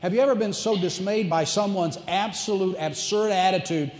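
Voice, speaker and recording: A man with an East Tennessee accent preaching a sermon, animated and emphatic, asking the congregation questions. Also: high-pitched, moderate pace, slight background noise. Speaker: pastor. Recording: echoey church hall reverb.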